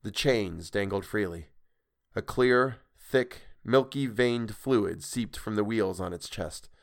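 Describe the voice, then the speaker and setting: Guy reading a storybook aloud, lowish voice, measured and expressive. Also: creaky, no room sound, clean studio sound. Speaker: narrator. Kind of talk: storybook narration.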